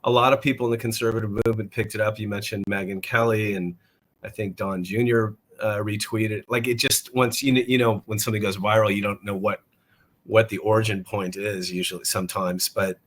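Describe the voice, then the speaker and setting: A man as a musician guest in a casual interview, talking in a halting way and often repeating words as he thinks. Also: fairly low pitch, steady tone, fairly bright tone, poor audio.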